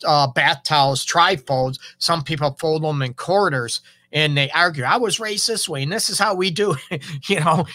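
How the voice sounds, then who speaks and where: A man's voice: a little high, bright, forceful tone, no room sound. A man giving a casual monologue about relationships, conversational, often acting out quoted partners.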